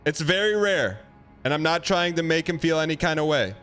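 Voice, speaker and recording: A man streaming a game live, chatting casually with viewers in a rambling, halting, playful way. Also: fairly high pitch, animated, fairly bright tone, smooth, faint music behind.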